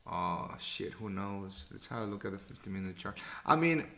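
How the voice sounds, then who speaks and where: A man's voice: on the low side, expressive, moderate pace, gravelly, pushed and bright. A man hosting a live trading show, chatting casually, thinking aloud, muttering figures and swearing now and then. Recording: echoey room.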